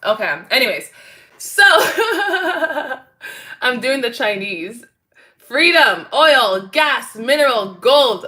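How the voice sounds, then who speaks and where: Woman, casual livestream host, chatty, laughs a lot, bright tone. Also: fairly high pitch, big pitch swings, slow pace. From Canada. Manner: bubbly, chatty, laughs often. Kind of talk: casual livestream chat with viewers.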